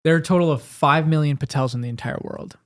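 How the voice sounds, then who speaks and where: A man's voice: on the high side, quick pace. Playful man on a casual podcast. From Indiana, USA. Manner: playful, teasing, exaggerated emphasis. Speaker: podcast co-host. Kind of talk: casual chat.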